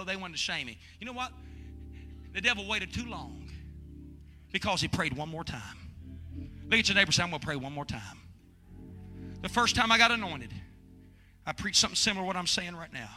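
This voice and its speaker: A male pastor preaches with a high voice and a piercing, very bright tone. He drops to hushed storytelling, then climbs into shouted, urgent pleading. Faint church music plays under the service recording. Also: lively intonation, fast talker, pauses often, big-room sound. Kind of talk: sermon. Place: church sanctuary.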